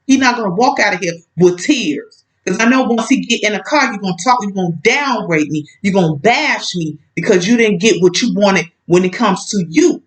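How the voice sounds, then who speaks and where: A woman's voice: mid-range voice, animated, moderate pace, few pauses, poor audio. A woman telling a personal story in a casual vlog, outspoken and emphatic, talking straight at an absent ex-partner.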